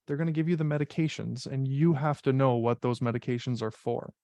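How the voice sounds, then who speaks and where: A man's voice: mid-range voice, fairly even intonation, fairly quick, few pauses, a little mellow, no room sound. Direct, coaching male exam instructor, dry sound. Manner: direct, coaching, repeats "right?" to check in. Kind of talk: online info session teaching.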